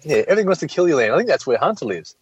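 A man's voice: on the high side, big pitch swings, rapid-fire, breathy edge, highs cut off. Hesitant man reading letters. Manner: hesitant, many ums. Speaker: podcast co-host. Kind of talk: reading listener letters aloud.

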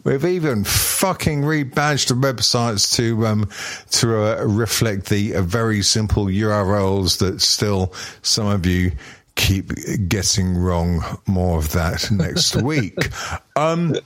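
A man's voice: on the low side, takes it slowly, fairly bright tone. A middle-aged man co-hosting a podcast, chatting in a rambling, self-mocking way, swearing freely. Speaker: podcast co-host. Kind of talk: casual profane chat.

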